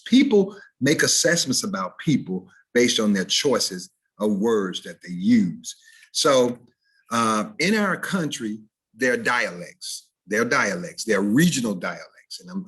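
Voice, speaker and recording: Husky man lecturing. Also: lowish voice. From Mississippi. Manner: lively, demonstrative, imitates dialects. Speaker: diction instructor. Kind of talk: recorded video-call lecture. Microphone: video call.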